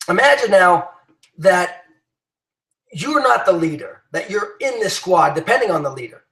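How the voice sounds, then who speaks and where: A man with a high, somewhat bright voice delivers an emphatic motivational talk, rallying his team as their business leader. He restarts often and uses many fillers, and the rough recording sounds roomy.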